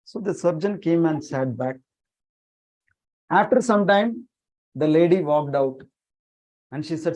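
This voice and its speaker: A man, preaching by telling a story, softly acting out the dialogue and asking his listeners questions. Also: a little high, measured pace, pauses often, poor audio. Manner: earnest storyteller, voices dialogue softly, asks the audience questions. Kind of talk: storytelling sermon. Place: temple meeting room, online session.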